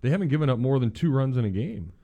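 A man co-hosting casual sports talk, joking and animated. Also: mid-range voice, fast. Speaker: sports radio co-host.

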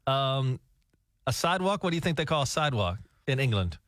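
A man's voice: mid-range voice, very animated, a little fast, fairly bright tone, no room sound. A man hosting a morning radio show, chatting casually and quizzing his co-host, heard on a studio mic. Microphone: studio microphone.

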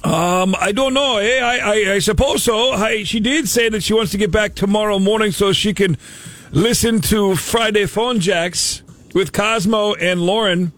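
A man's voice: sits high, a little slow, a bit bright, dry recording. A man putting on a Canadian border officer, eh. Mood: relenting. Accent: put-on Canadian. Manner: folksy, says "eh" and "there" constantly. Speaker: radio host. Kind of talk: prank phone call.

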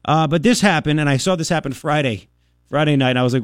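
A man in his thirties hosting a radio talk show, ranting in an animated, sarcastic way with mocking impressions. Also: fairly high pitch, quick pace, no echo, studio quality. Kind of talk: opinionated talk radio monologue.

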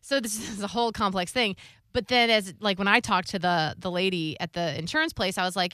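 Candid woman sharing stories, bright and dry. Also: mid-range voice, fast talker, dry recording. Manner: open, confessional storytelling with lively quoted voices. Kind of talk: candid casual chat.

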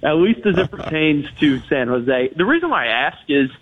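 Hockey analyst on a tinny phone line. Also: male voice, on the high side, very animated, moderate pace, slight background noise. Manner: talks in long hedged runs with many restarts and fillers. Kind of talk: radio interview analysis.

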